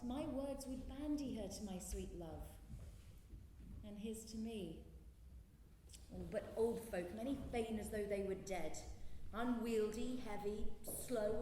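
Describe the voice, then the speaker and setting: A woman's voice: medium pitch, dark tone, slight background noise, natural voice. An actress playing an eager, impatient young girl in love, pleading on a theatre stage. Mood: longing. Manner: pleading, urgent stage delivery. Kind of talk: live stage acting. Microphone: distant room mic. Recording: echoey theatre from far off.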